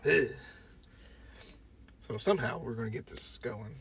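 A man's voice: mid-range voice, lively intonation, measured pace, creaky, fairly bright tone, breathy edge. A man in his thirties, a podcast co-host, telling a casual story and swearing often. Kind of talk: casual chat.

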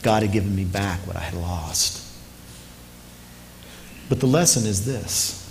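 A man's voice: low voice, unhurried, gravelly, slight background noise. A man preaching a sermon to parents, earnest and emphatic, repeating key phrases and telling stories with energy. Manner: lively storyteller, speeds up in anecdotes. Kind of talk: sermon with storytelling.

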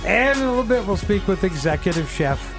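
A man's voice: high-pitched, sing-song, brisk, music in the background. A man hosting a morning radio show, bantering and teasing his guests with frequent laughs. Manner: teasing, jokey, laughs often.

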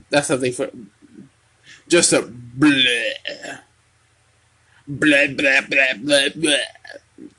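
Young male podcast host, unhurried and hesitant, fairly high husky voice. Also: fairly bright tone. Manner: slow, halting, many ums and restarts. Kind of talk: casual wrestling recap.

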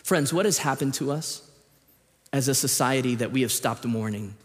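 A man preaching a sermon as a pastor, moving between quiet scripture reading and loud, animated emphasis. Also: medium pitch, moderate pace. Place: church auditorium. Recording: long reverb of a large hall.

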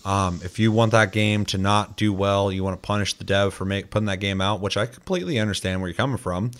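A man's voice: fairly low pitch, steady tone, fairly bright tone. Casual, profane man rambling about games. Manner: loose, profane, rambling with many fillers; mimics people in quick asides. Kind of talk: casual chat.

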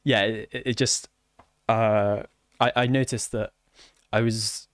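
A man who develops software, talking casually and haltingly with many fillers and restarts. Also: on the low side, fairly even intonation, no room sound. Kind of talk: casual conversation.

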